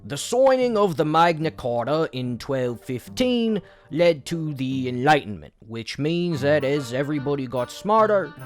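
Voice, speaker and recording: A man's voice: a little high, sing-song, measured pace, few pauses, soft background music. A man voicing a pompous old-fashioned British historian in a put-on British accent, declaiming grandly. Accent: mock British.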